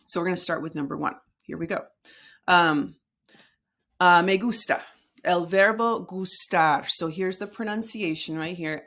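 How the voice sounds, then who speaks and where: A woman teaching a recorded Spanish lesson, explaining patiently and slowly with frequent fillers. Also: on the low side, fairly bright tone.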